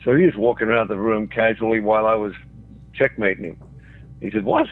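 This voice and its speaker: A man's voice: on the low side, very animated, brisk, creaky. Older man telling stories down a phone line. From Australia. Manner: chuckles through his own stories. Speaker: guest. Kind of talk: anecdotal storytelling.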